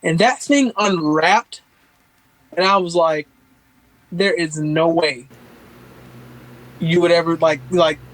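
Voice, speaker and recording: High-voiced man from Florida. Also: slow, long pauses, no room sound, low-quality recording. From Northeast Florida. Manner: relaxed storytelling with many fillers. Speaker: podcast guest, outdoorsman. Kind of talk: casual conversation.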